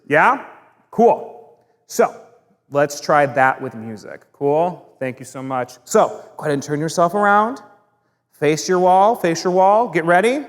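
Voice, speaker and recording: A man's voice: a little high, normal speed, in a large hall. Upbeat young man teaching kids a dance. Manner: energetic, encouraging, counts out steps. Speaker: dance instructor for a kids' camp. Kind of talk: upbeat dance tutorial for children.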